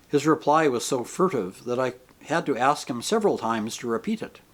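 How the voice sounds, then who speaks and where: A man narrating an audiobook in an expressive, animated way. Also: mid-range voice, moderate pace, hardly any pauses.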